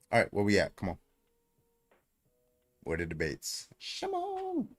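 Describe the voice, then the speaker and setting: A man's voice: low voice, big pitch swings, takes it slowly, no room sound. A man hosting a livestream in casual chat, laid-back and full of likes and you-knows. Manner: laid-back, heavy use of like and you know. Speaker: livestream host.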